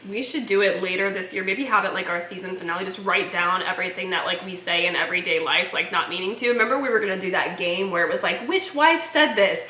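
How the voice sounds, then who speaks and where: Bubbly american mom podcaster, bright animated voice, roomy echo. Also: female voice, lowish voice, fast, few pauses, slight background noise. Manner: animated storytelling with laughing and quoted voices. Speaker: podcast co-host. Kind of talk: casual chat.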